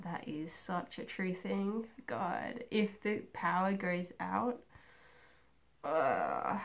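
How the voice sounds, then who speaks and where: A young woman chatting casually and rambling about herself in a home video, with many pauses and "um"s. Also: on the low side, a bit bright. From Australia. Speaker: craft vlogger. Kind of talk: casual personal chat.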